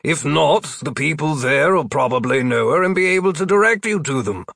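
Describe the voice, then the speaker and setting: A man voicing a prim, kindly male wizard in a storybook reading, measured and gently scolding. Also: fairly high pitch, animated, creaky, no echo, studio quality, pitched above the performer's own voice, exaggerated voice.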